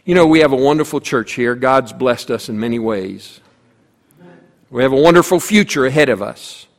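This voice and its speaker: A man's voice: mid-range voice, animated, moderate pace. A man preaching a sermon as pastor, telling a story with voiced characters and emphatic repetition. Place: church sanctuary. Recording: long reverb of a church hall.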